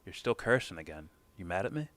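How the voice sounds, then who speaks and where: A man's voice: low-pitched, very animated, fast talker, a bit bright, no room sound. A man voicing a pushy, needy guy who keeps offering soda and asking if he is upset. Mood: nagging. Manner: nagging, repetitive.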